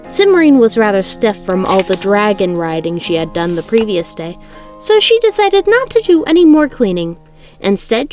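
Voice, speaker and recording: A woman reading a novel aloud in a relaxed, homemade way, her voice sitting at an everyday middle pitch. She stumbles and restarts lines now and then, and soft music plays faintly behind her. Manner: casual, self-correcting reading. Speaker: reader of a book aloud. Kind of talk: casual read-aloud narration.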